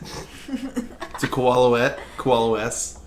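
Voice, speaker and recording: A man's voice: mid-range voice, very animated, takes it slowly, crowd noise. Podcast host, a man reading out odd news with jokes, roomy echo. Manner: reads news headlines aloud and jokes about them. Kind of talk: casual podcast chat.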